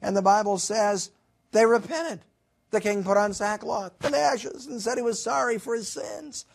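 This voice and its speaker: A man's voice: sits high, moderate pace, vocal fry. A middle-aged male professor giving a college Bible lecture, telling the story with animation and acting out characters' lines.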